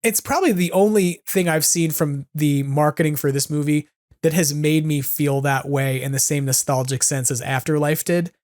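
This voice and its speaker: A man hosting a podcast with a slightly higher voice than most men. He talks in an enthusiastic, rambling way, full of "like"s. His sound is dry and close, with no room at all. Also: fairly even intonation, moderate pace, darkish tone, no echo. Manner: enthusiastic, rambling, heavy use of "like". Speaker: podcast host. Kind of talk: casual fan chat.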